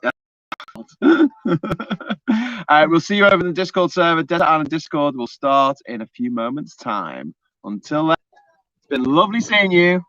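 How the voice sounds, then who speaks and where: A man's voice: on the high side, sing-song, normal speed, pauses often, sharp tone, no echo. Man, casual livestream co-host, rambling, swears offhand, dry close sound, dull lo-fi audio. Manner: rambling storyteller, swears casually, many restarts. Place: home on an island.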